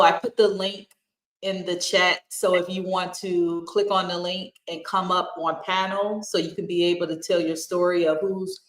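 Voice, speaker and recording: A woman with a fairly low voice hosts a live stream, giving direct instructions to viewers. Her voice carries a noticeable room echo. She speaks plainly and keeps the show moving.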